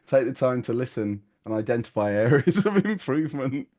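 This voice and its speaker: A man's voice: mid-range voice, sing-song, brisk, darkish tone. A middle-aged man co-hosting a podcast, dry and teasing with a mock-serious tone. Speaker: podcast co-host. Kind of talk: casual chat.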